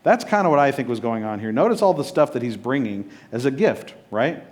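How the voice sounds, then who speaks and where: A man's voice: mid-range voice, lively intonation, a little fast, a little mellow. A man preaching a sermon as pastor, casual and joking, often checking in with his listeners.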